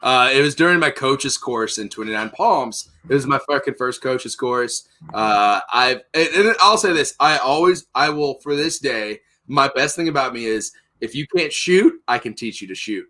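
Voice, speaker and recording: A young man hosting a podcast, telling a profane, animated story in casual chat. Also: mid-range voice, moderate pace, few pauses. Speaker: podcast host.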